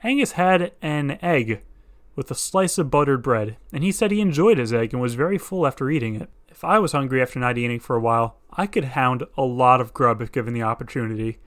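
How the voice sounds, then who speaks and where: A man's voice: mid-range voice, expressive, a little fast, a bit bright. A man giving scripted comedic narration with sarcastic, crude asides.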